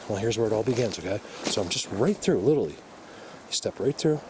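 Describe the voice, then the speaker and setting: A man filming an outdoor walking vlog in the woods, out of breath from a climb, talking excitedly and rambling straight to his viewers on a handheld camera. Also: on the low side, quick pace, few pauses, noisy background. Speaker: outdoor vlogger.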